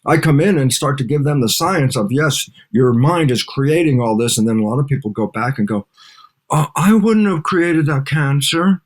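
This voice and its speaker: An older man, a guest scientist in an interview, talking in an animated way and acting out little back-and-forth dialogues. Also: mid-range voice, a little fast, few pauses. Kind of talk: interview conversation.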